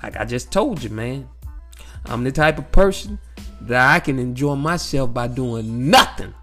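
A man's voice: mid-range voice, measured pace, faint music behind. A man in a casual, profane monologue, talking straight to his listeners and circling back to the same phrases. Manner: animated, repetitive, peppered with "you know what I'm saying". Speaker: vlogger sharing life views.

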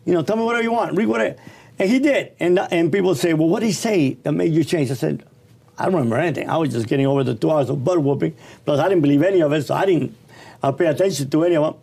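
Animated man telling a blunt story. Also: on the high side, fast talker, vocal fry, slightly rough. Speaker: guest telling his life story. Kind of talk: casual storytelling.

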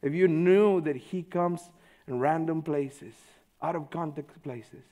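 Guy preaching, high voice, chatty sermon, lots of you know, gets loud then quiet. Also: slow. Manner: informal, peppered with "you know", swings between loud and hushed. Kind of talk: conversational sermon.

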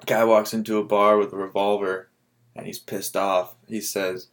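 A man with a fairly low voice in easygoing podcast banter. He stays relaxed and drops swear words casually as he trades short jokes. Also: moderate pace. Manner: laid-back, swears casually.

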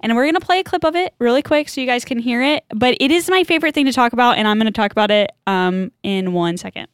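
Woman podcast host, chatty and bubbly; clean, smooth voice, dry booth sound. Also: on the high side, quick pace, no room sound. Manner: bubbly, chatty, many filler likes. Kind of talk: casual chat.

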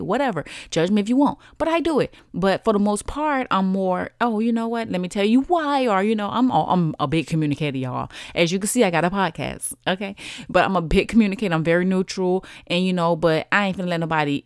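A woman's voice: on the low side, lively intonation, quick pace, no echo, studio quality. A woman in her thirties hosting a solo podcast, chatting in an encouraging way and talking straight to her listeners. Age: 30s. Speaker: podcast host. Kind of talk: casual solo podcast talk.

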